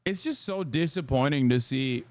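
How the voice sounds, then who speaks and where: A man's voice: medium pitch, expressive, moderate pace, a little mellow, dry recording. A man giving casual live-stream reaction commentary, exasperated and conversational with frequent cursing, close to the mic.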